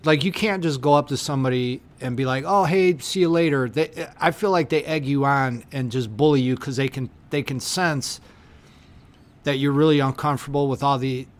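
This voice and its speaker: Ranting hotly and cursing a lot, this podcast co-host dramatizes small exchanges in raised voices during casual talk. His voice sits in the mid range and moves at a moderate pace.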